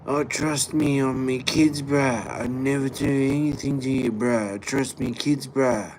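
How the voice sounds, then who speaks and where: A man's voice: medium pitch, fairly even intonation, a little slow, background noise, voice pushed up, natural voice. A man doing a whiny street beggar. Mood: pleading. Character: pleading male street beggar, wheedling and insistent.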